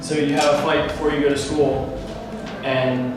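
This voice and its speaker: A young man with a fairly high voice and a moderate pace speaks to a youth group in a big room. Animated and rambling, he tells a casual story to the teens and acts out the conversations. The recording is very echoey and distant.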